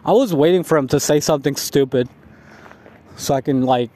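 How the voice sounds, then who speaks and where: A man's voice: on the high side, brisk, dark tone. A man in a casual vlog, ranting about lazy coworkers with heavy swearing and frustrated storytelling. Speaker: vlogger.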